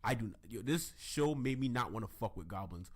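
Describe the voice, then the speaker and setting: A man's voice: mid-range voice, expressive, a little fast. A man co-hosting a podcast, casually recapping an anime episode and acting out scenes with silly voices. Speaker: podcast co-host.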